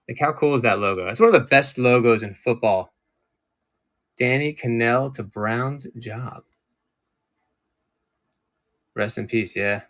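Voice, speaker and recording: A man's voice: medium pitch, a bit bright. Chatty man selling cards live. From Maryland. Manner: chatty, distracted, talks to viewers while sorting items. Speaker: live-stream auction seller.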